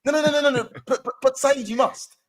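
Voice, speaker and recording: A man's voice: extremely high pitch, fairly even intonation, voice pushed up. A man putting on the voice of a flustered young man who protests over and over. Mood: pleading. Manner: rapid repeated protests.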